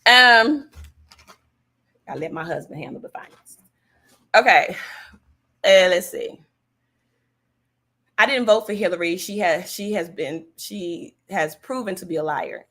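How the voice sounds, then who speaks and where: A woman's voice: on the low side, unhurried, long pauses, sharp tone. A woman hosting a casual political livestream, talking emphatically, repeating her points and answering viewers' comments. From California. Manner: chatty, emphatic, repeats herself, reads viewer comments aloud. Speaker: livestream host.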